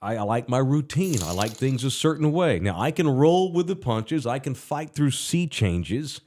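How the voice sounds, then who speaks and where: A middle-aged man hosting a podcast, telling a relaxed, wry anecdote in casual chat. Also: mid-range voice, normal speed, slight background noise. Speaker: podcast host.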